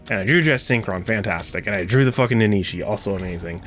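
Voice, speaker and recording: A man's voice: fairly low pitch, creaky, a bit bright. A young man commentating his own card game play, ranting and swearing as his frustration builds. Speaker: gaming streamer. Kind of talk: gameplay commentary.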